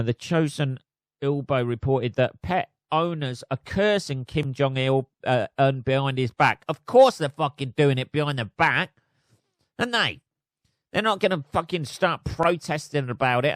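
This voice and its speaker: A man's voice: on the high side, no echo, studio quality. Sweary sardonic man ranting. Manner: sweary, sardonic, laughs at his own jokes. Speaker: podcast host. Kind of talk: solo comedic podcast rant, reading news aloud.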